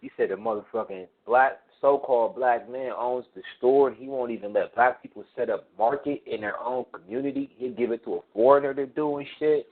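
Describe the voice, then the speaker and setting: A man's voice: medium pitch, fairly quick, few pauses. A man speaking in a blunt, profane, emphatic way in casual chat. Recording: phone-like line.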